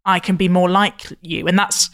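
A woman hosting a podcast, chatty and animated, given to long self-interrupting interjections. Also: on the low side, moderate pace. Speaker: podcast host. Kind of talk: podcast conversation.

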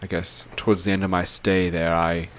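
A man playing a tabletop game, calmly describing his character and speaking for him at length. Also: deep voice, normal speed, a little hiss or hum. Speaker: player. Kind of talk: tabletop role-play.

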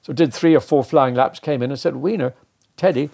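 Older guy telling racing stories, acts out the back-and-forth, lively. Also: mid-range voice, brisk. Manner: animated, acts out quoted dialogue. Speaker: interview guest, former racing driver. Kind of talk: anecdotal storytelling.

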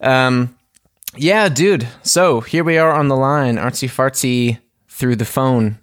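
Laid-back swearing podcast host. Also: male voice, mid-range voice, takes it slowly, clean tone, no echo, studio quality. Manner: relaxed, swears freely, says "dude" and "man". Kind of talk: casual chat. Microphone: phone call.

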